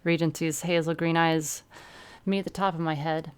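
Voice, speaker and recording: Female streamer narrating a first-person story; low, smooth, with casual asides. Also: fairly even intonation, moderate pace. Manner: breaks off to laugh and comment. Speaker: streamer reading a story aloud.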